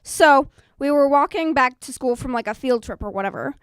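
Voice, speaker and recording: A teenage girl performing a self-mocking stand-up comedy set at an open mic, bursting into loud acted quotes. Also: high voice, lively intonation, moderate pace, smooth, no room sound, studio quality. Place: small live performance venue.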